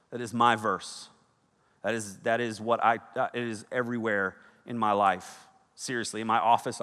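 A man in his thirties preaching a sermon, telling stories with energy that swings from loud bursts to hushed, serious points. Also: medium pitch. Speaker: pastor. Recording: long hall reverb.

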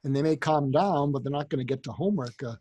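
A counselor talks through parenting anecdotes, acting out the people in his stories. His voice is husky and mellow, pitched slightly high. The sound is close and dry. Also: quick pace, no room sound. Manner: animated storyteller, acts out quoted voices. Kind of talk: anecdotal advice in conversation.

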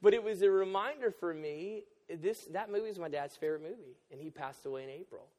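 Pastor preaching, high voice, jokey and candid, long hall reverb. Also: male voice, a little fast, a little mellow. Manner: joking, self-deprecating, candid. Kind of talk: sermon. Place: church auditorium.

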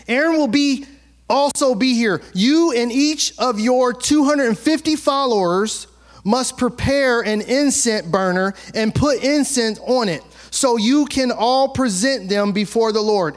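A male pastor preaching a sermon, reading scripture aloud and breaking into humorous, colloquial asides that act out the people in the story. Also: very high voice. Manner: animated, acts out characters in colloquial asides; reads scripture aloud then comments with humor.

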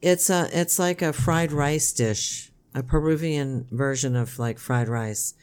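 An older woman, a podcast co-host, chatting casually with her son in a rambling, halting way with many restarts. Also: low-pitched, a little mellow, smooth. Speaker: podcast co-host, mother of the other host. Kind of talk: casual chat.

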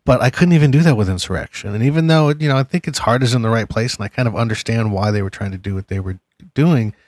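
A man's voice: medium pitch, fast, a little mellow, dry recording, studio quality. A man on a podcast panel laying out a thoughtful argument with some hesitations. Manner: thoughtful, reasoned argument with fillers. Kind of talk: casual discussion.

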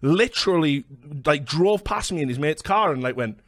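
Animated man on a dry mic. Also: on the high side, no echo. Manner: fast sweary anecdotes, acts out quotes. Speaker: podcast host. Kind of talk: casual storytelling chat.

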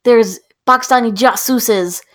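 A woman's voice: a little high, a little slow. A woman chatting casually with friends, retelling a film's plot and acting out the characters' lines. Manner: animated storyteller, acts out characters' lines.

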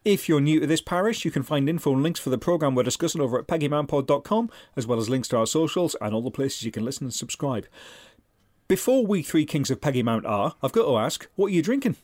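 A man co-hosting a podcast with a dry, deadpan, sweary delivery. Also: on the high side, fast, dry recording. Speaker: podcast co-host. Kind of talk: casual chat with scripted intro.

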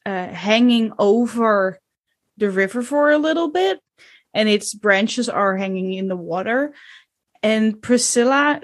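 A woman running a tabletop game as game master, narrating in an unhurried, descriptive way with small hesitations. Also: mid-range voice, dry recording.

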